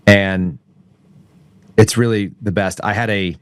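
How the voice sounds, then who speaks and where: A man's voice: on the low side, fairly even intonation, slow pace, no room sound. Middle-aged male guest, blunt and profane, dry close sound. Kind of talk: casual chat.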